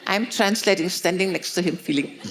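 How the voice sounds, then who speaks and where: A woman's voice: medium pitch, animated, moderate pace. A middle-aged woman preaching a sermon in a conversational, storytelling way, often tagging sentences with "no?". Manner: conversational, tag questions "no?".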